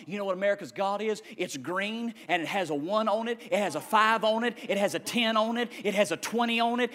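A man preaching a sermon as pastor, swinging from shouted declarations to hushed asides. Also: very high voice.

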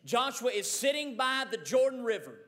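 A man's voice: extremely high pitch, big pitch swings, moderate pace, fairly bright tone. A man preaching a sermon in a church, repeating phrases rhythmically and building to fervent Pentecostal intensity. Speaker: pastor. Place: church sanctuary. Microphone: mic run through a sound board.

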